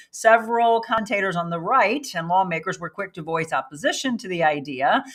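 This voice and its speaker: A woman's voice: lowish voice, sharp tone. A woman hosting a casual live news and chat show, upbeat and chatty, greeting viewers by name. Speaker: host.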